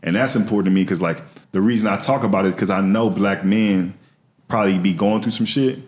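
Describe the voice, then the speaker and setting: A man's voice: on the low side, quick pace. A man, a comedian guest on a podcast, telling candid, slangy and earnest stories from his life in casual conversation.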